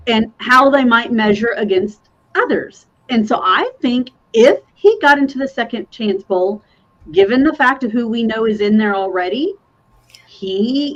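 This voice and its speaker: Reflective woman panelist, slightly dull audio. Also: a little high. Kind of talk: panel discussion.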